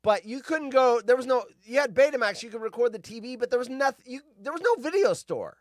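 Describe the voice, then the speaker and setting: Extremely high-pitched and animated, a California show host in his fifties talks a little fast through nostalgic, tangent-filled stories in a casual rambling monologue. There's no room sound.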